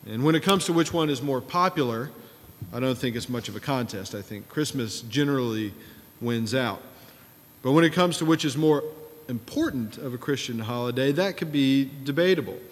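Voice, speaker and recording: Conversational preacher in an echoing sanctuary. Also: male voice, medium pitch, animated, normal speed. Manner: conversational storytelling preacher, wry asides. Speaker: pastor. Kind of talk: sermon.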